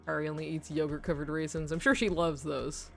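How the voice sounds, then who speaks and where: A young woman streamer with a low, gravelly voice chats casually while gaming. She rambles with plenty of fillers and giggles often.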